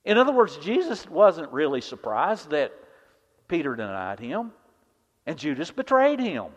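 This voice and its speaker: A male pastor delivering an impassioned sermon, his voice a touch higher than most men's. He swings between ringing declarations and quiet, hushed asides. The sound is slightly dull and carries a long hall reverb. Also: wildly swooping pitch, a little slow.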